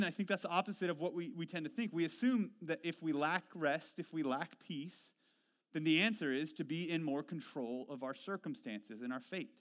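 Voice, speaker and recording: A man with a slightly high voice preaches a sermon to his congregation. He tells stories about himself with a self-deprecating, conversational touch. He drops low and soft for his reflective points and gets animated when he retells his frustrations. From Washington State. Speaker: pastor.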